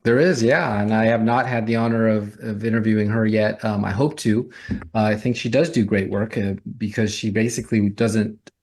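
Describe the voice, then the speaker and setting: A man's voice: on the low side, steady tone, moderate pace, a little mellow. A man who runs and edits a news website, speaking as a guest in an emphatic manner and repeating phrases for effect. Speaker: news site CEO and editor, guest. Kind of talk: interview talk.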